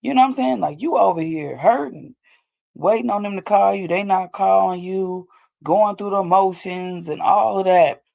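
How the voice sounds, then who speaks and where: Speaking at a measured pace in a mid-range voice that's gravelly yet mellow, a woman hosts a show of casual advice talk. She rambles loosely about recovering from heartbreak, frequently tossing in "you know what I'm saying."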